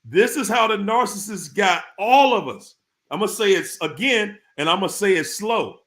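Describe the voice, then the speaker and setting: Man, live-stream host, high and bright voice, casual slang, repeats himself for emphasis. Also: animated, moderate pace. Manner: repetitive, emphatic, speaks in informal slang. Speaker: live-stream host talking about narcissists.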